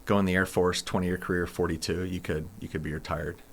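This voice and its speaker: A man in his forties, a base commander, answering interview questions in a plain, measured way with some restarts. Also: sits low, little pitch movement, slight background noise. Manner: plain, measured, repeats words. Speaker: air force base commander.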